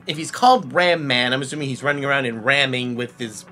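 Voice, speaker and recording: A man, a voice impressionist, hosting a playful guessing game, animated and quick to laugh. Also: mid-range voice, soft background music. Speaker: voice impressionist, host.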